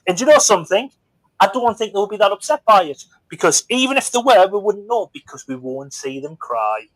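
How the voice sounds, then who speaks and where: A man's voice: high voice, very animated, a little fast, a bit bright, dry recording, poor audio. A man hosting a live stream chat, teasing and jokey. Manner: teasing, jokey, mimics others. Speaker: livestream host. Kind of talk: casual chat.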